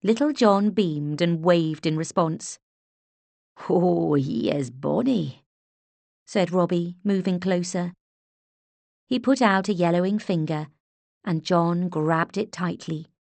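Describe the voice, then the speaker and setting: A woman narrating an audiobook in a measured, unhurried way, close to the mic. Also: fairly low pitch, darkish tone, dry recording. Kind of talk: scripted narration.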